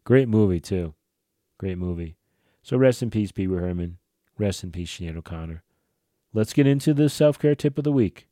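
A man's voice: deep voice, lively intonation, normal speed, warm tone, dry recording, studio quality. A man in his forties hosting a solo podcast, talking casually and rambling, with plenty of swearing, fillers and restarts. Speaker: podcast host.

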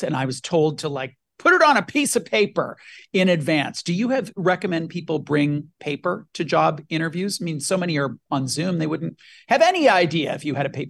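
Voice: medium pitch, creaky, no room sound, studio quality. An interviewer, a journalist by background, asking chatty questions with light jokes and asides.

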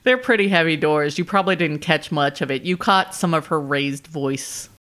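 A woman narrating as game master of a tabletop game, relaxed and laughing easily. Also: low voice, moderate pace.

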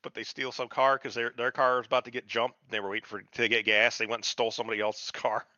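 A man's voice: mid-range voice, level tone, quick pace, bright, forceful tone, no room sound, dull audio. A man co-hosting a podcast, casually retelling a TV show with heavy swearing and quoted voices. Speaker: podcast co-host. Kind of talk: casual chat recapping a TV show.

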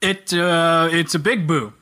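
Jokey man with a bright voice. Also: fairly high pitch, measured pace. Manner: jokey, animated, breaks into silly character voices. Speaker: podcast co-host. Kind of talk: casual gaming podcast chat.

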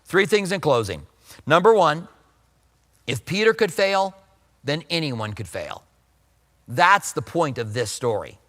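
A man's voice: fairly high pitch, big pitch swings, measured pace, pauses often, bright, forceful tone, long reverb tail. A man preaching a sermon in a conversational way, acting out the voices he quotes. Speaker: pastor.

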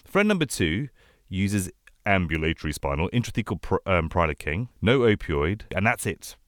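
Animated low-voiced man. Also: no echo, clean studio sound. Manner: animated, quick lists, rising excitement. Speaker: anesthesiologist podcast co-host. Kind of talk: casual clinical chat.

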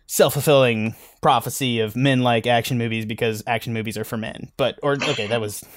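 Male podcast reviewer, mid pitch, self-deprecating rambler, dead-dry recording. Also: steady tone, fairly quick, dry recording. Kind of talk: casual film review chat.

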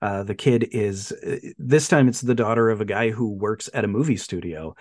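A man with a very lively, swooping pitch chats about movies in a casual podcast. He retells the plots with animated storytelling and throws in quick silly character voices. His voice sits dry and close, with little room sound. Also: no room sound. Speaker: podcast co-host. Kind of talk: casual film chat.

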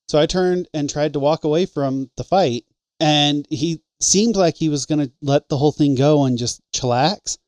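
Male co-host, smooth clear voice, jokey and profane anecdotes. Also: fairly high pitch, normal speed, a little mellow, no room sound. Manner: swearing, joking, quotes people in his stories. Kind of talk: casual storytelling chat.

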